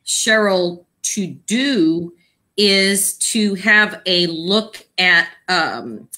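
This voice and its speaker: A woman guest on a live video Q&A, explaining health topics in a casual, informative way while she keeps clearing her throat and coughing. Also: fairly low pitch, animated, extremely slow, pushed and bright. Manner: explanatory, informative, with many fillers. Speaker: guest thyroid patient advocate.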